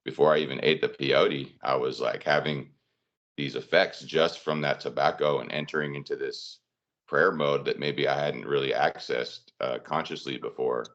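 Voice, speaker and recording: A man's voice: a bass voice, vocal fry, a bit bright, dull audio. A man telling personal stories in a casual podcast chat, rambling with many fillers.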